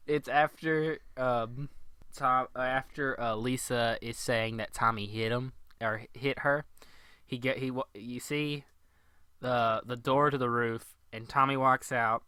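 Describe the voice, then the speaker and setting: A man's voice: mid-range voice, fairly even intonation, a little slow, sharp tone, clean tone, no room sound. A young man co-hosting a podcast, chatting casually about a movie and often laughing. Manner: laughing, quoting movie lines in put-on voices. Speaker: podcast co-host. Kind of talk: casual chat.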